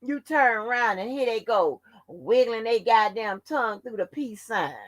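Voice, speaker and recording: A woman's voice: on the high side, moderate pace, no echo. A woman hosting a livestream open forum, telling stories in a blunt, profane, casual rant. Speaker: livestream host.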